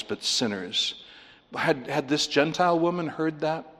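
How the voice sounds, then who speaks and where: Man, preacher, expository sermon, animated, slightly high pitch, reverberant church hall. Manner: animated, outline-driven, acts out quoted pleas loudly.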